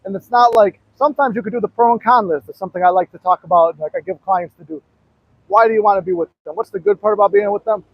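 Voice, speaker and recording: Guy talking live while walking, winded, rambly, high voice, dry tinny audio. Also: fast, no echo. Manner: rambling, storytelling with fillers. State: out of breath, walking. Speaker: manifestation coach. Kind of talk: casual livestream talk.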